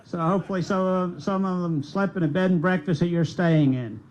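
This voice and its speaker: A man in his sixties, a political candidate, giving a rally speech that starts halting with fillers and builds to earnest fervor. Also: sits high, steady tone, darkish tone, highs cut off. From United States. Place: outdoor rally.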